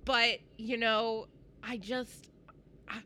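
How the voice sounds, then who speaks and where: A woman's voice: a little high, level tone, very slow, bright, forceful tone, slight background noise. A woman co-hosting a casual podcast chat, outspoken and often laughing as she talks. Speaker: podcast co-host.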